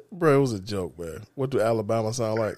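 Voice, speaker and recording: A relaxed man in casual podcast banter, teasing his co-host with deadpan jokes. His voice is mid-pitched but lively in its rises and falls, recorded close and dry with no room sound. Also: normal speed, no room sound. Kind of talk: casual chat.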